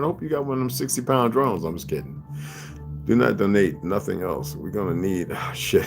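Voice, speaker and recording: Hosting a casual livestream, a man rambles profanely and laughs often, his low voice expressive and fairly quick. Music plays clearly in the background.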